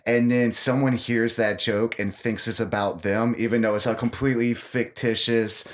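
A man's voice: mid-range voice, steady tone. A man hosting a comedy podcast. He keeps agreeing with his guest and cutting in with supportive comments. His voice sits mid-range. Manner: affirming, quick to agree and laugh. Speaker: podcast host. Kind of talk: casual podcast chat.

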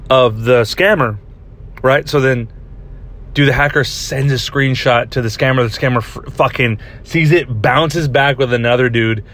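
Sitting in a parked vehicle, a young male podcast host tells a story in a loose, rambling way. His medium-pitched voice is fairly bright and moves at a normal pace, and he swears a lot and keeps restarting sentences.

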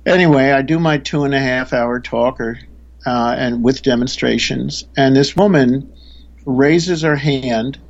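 A man's voice: medium pitch, a little slow, creaky, dull audio. A man, a spiritual teacher, earnestly telling a story in a conversation, often restarting his sentences.

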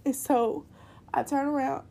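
A woman's voice: high voice, fairly even intonation, a little slow, gravelly, dark tone, slight background noise. A young woman telling a personal story in a candid, rambling way, full of fillers.

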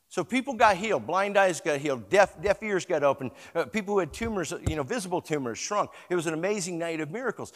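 A man with a fairly high voice preaching from a church stage. His sermon moves from quiet storytelling up to loud, emphatic exhortation, and he leads the congregation in repeating key words. The sound carries a long reverb. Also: expressive, brisk. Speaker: pastor.

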